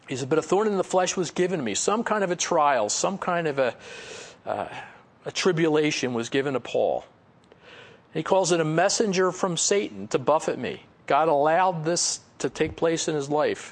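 Guy preaching, kinda high gravelly voice, chatty sermon, lots of you knows. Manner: conversational, frequent "you know" fillers. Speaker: pastor.

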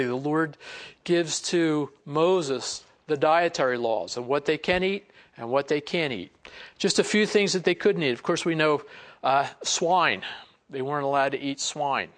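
A man preaching a Bible lesson in a relaxed, conversational way, acting out quoted lines and chuckling as he goes. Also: a little high. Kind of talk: sermon.

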